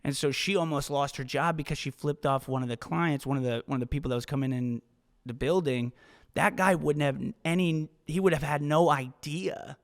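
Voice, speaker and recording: A man's voice: medium pitch, a little fast. A profane, emphatic man in a reverberant room. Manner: emphatic, profane, repeats himself. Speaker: podcast host. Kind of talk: motivational podcast monologue.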